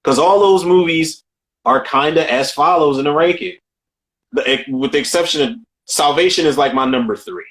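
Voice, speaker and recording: Animated, profane man in film chat. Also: fairly high pitch, moderate pace. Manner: animated, profane, riffs and repeats himself. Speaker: podcast co-host.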